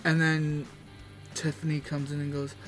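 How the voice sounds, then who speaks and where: A man's voice: a little high, monotone, normal speed, a bit bright. A man casually recapping the week's events, rambling and loosely quoting people as he goes. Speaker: wrestling recap host. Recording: faint background music.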